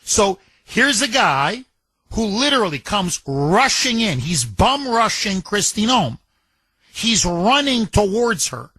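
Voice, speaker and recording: A man's voice: sits high, slow pace, husky, no echo. A man hosting a political talk radio show, talking emphatically, repeating phrases and retelling events. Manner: emphatic, repetitive, animated retelling with quoted voices.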